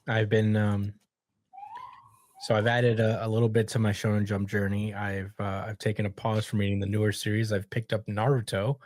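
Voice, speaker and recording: A man's voice: lowish voice, level tone, moderate pace, a little mellow, no room sound, clean studio sound. A man hosting a podcast in casual chat, retelling scenes with easy laughs. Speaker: podcast host.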